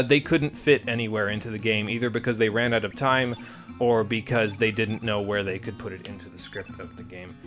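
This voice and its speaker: A man's voice: mid-range voice, fairly bright tone. Sarcastic man doing live game commentary. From United States. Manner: sarcastic, profane, rambling asides. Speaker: streamer. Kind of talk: live let's play commentary.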